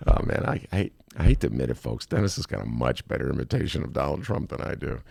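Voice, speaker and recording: A man's voice: a bass voice, very animated, fast talker, creaky, darkish tone, slightly rough, no echo. A man hosting a talk show, riffing sarcastically on the news and reading quotes aloud. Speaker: host. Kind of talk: comedic political monologue.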